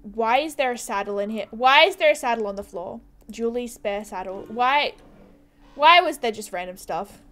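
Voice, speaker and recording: A woman gaming YouTuber talking over her gameplay in a loose, chatty way. Her high voice rises and falls a lot as she drops wry, puzzled asides. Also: animated, moderate pace, fairly bright tone. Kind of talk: casual gameplay commentary.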